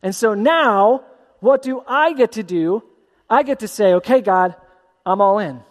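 Pastor, male, high voice, lively sermon delivery with a long hall echo. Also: measured pace. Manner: animated, acts out voices of story characters.

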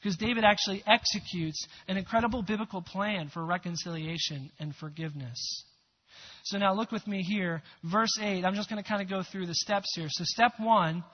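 Conversational male preacher, earnest, asks the room questions; husky voice, muffled sound. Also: sits high, normal speed. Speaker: pastor. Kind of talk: sermon. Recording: dull lo-fi recording.

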